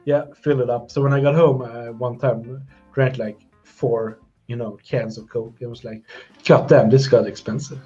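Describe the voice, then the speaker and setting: Husky swedish guy rambling on a podcast, kinda muffled lo-fi sound, faint music under it. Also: medium pitch, steady tone, normal speed, dark tone. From Sweden. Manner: rambling, trailing off mid-sentence. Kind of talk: casual chat. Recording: dull lo-fi audio.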